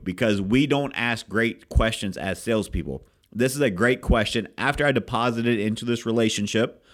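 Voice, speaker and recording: A man hosting a podcast, coaching real estate agents in an energetic, emphatic way and acting out sales scripts. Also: fairly low pitch. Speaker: podcast host and real estate team leader. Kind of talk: casual coaching talk.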